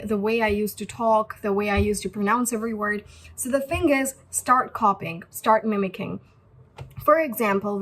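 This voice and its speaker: A woman's voice: on the high side, rough recording. A young woman from India giving a chatty spoken English lesson to camera, repeating her points with many fillers. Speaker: English teacher.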